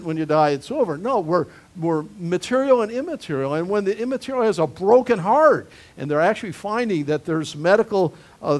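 A man's voice: a little high, darkish tone. A male pastor preaching a sermon, conversational with emphatic swells on key phrases.

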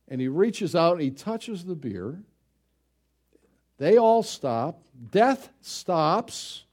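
A middle-aged man preaching a sermon in a lively, swooping voice that sits a little high. He keeps it conversational, throwing questions at the congregation and leaning into dramatic pauses. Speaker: pastor.

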